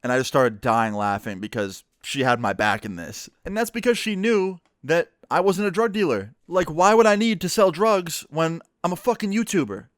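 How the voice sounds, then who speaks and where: A young man, a YouTuber, telling a personal story casually, profane and animated, with lots of quoted dialogue. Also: fairly high pitch, moderate pace, few pauses, no room sound, clean studio sound.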